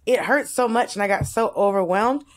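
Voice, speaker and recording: A woman co-hosting a casual comedic podcast, telling personal stories in an animated, candid way with casual swearing. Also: mid-range voice. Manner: animated, candid storytelling with swearing and quick bursts. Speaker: podcast co-host.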